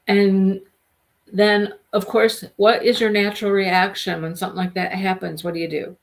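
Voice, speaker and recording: Casting note: middle-aged woman, slightly low voice, casual vlog host, emotional storytelling with quoted dialogue.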